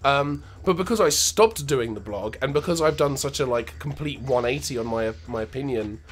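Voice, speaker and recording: A man's voice: medium pitch, expressive, normal speed, faint music behind. A man with an English accent co-hosting a casual gaming show, chatting in a rambling, self-deprecating way. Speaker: co-host. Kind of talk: casual podcast chat while playing games.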